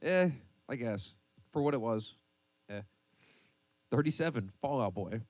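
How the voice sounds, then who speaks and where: A man's voice: mid-range voice, animated, a little slow, darkish tone, dry recording. Swearing man reading out a list. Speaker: podcast host reading a list. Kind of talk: casual banter with heavy swearing.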